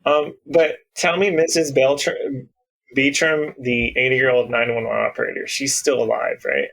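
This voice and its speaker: Husky guy on a video call playing a tabletop game, jokey, keeps chuckling. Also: medium pitch, little pitch movement, moderate pace, fairly bright tone, low-quality recording. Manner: playful, chuckling between remarks. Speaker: player. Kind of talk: casual table talk, joking.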